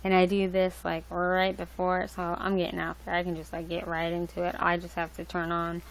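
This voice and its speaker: Rambling woman with gravelly voice. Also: on the low side, monotone, fairly quick, poor audio. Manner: rambling, loose, with many fillers and restarts. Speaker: livestream host. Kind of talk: casual rambling chat. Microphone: laptop mic.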